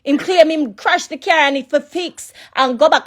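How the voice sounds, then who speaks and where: A woman's voice: high-pitched, moderate pace. A woman with a Jamaican accent ranting heatedly in a voice note, cursing and repeating herself. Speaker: person in a leaked voice note.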